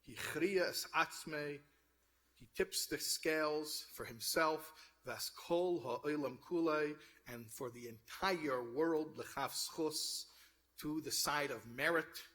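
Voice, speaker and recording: Bright-voiced man preaching with fervor. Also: fairly high pitch. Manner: storytelling, rising to fervent exhortation. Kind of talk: sermon with told joke.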